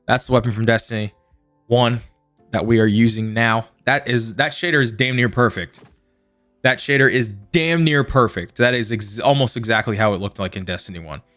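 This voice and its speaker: A man talking casually to viewers while he plays on a live game stream, playful and quick to slip into silly voices. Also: mid-range voice, fairly bright tone.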